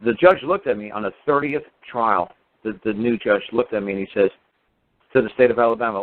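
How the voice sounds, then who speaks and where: A man's voice: on the low side, a little fast. A man on a radio show telling his story in an emphatic, repetitive, defiant way. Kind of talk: impassioned radio talk. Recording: tinny phone-like line.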